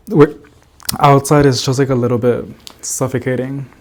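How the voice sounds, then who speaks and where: Guy rambling on his plant vlog, lots of likes and little laughs, regular mid voice. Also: mid-range voice. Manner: chatty and rambling, lots of "like" and giggles. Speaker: plant vlogger. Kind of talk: casual chat to camera. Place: indoor plant room with grow lights.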